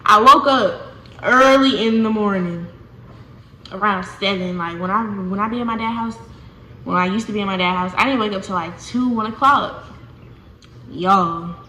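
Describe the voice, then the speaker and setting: A young woman telling a casual storytime to her viewers, animated and chatty, often calling them y'all. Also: mid-range voice, normal speed, pauses often. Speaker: vlogger. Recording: echoey room with faint noise.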